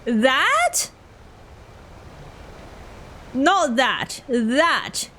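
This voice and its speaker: A woman's voice: high voice, huge pitch swings, extremely slow, pushed and bright, a little hiss or hum. A young Australian woman with an Australian accent, chatting casually with her viewers while she plays a game on stream. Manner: chatty, answering chat while playing. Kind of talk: casual gameplay commentary.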